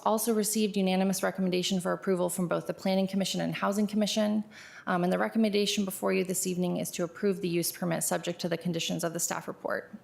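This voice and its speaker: A woman with a fairly low, gravelly voice delivers a formal staff briefing at a public meeting. She stays steady and businesslike, often pausing on "um". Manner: steady and businesslike, with frequent "um" fillers. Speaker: county planning staff presenter.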